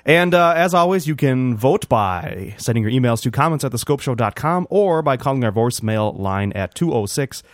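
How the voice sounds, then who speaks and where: A man's voice: mid-range voice, lively intonation, normal speed, hardly any pauses, no room sound, clean studio sound. Man reading podcast segments upbeat. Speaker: podcast co-host. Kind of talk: casual chat.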